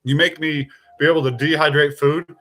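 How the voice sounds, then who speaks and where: A man's voice: a little high, steady tone, normal speed, a bit bright. Rambling, joking man hosting a casual chat. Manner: rambling, emphatic, jokey with mild swearing. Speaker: podcast host. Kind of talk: casual live-stream chat.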